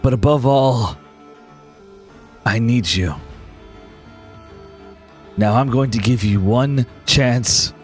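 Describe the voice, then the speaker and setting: A man's voice: mid-range voice, takes it slowly, pauses often, soft background music, lightly acted. A man voicing a centuries-old male mentor who loved his student like a daughter, pleading and stern in broken phrases. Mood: stern grief.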